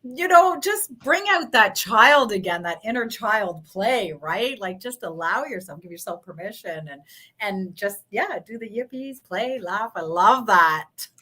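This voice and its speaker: A woman hosting a talk show, enthusiastic and encouraging, quick to agree with her guest. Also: medium pitch, animated, bright, forceful tone. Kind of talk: casual chat.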